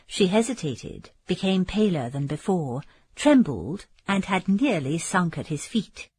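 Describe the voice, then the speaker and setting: A woman narrating a classic novel as an audiobook, in a measured, expressive reading with a breathy voice. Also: on the low side, dry recording. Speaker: audiobook reader.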